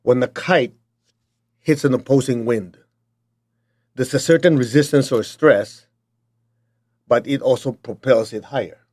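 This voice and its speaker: Middle-aged man, Chinese accent, motivational teacher, blunt and emphatic, mid-pitched voice. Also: unhurried, long pauses, darkish tone. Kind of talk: motivational talk.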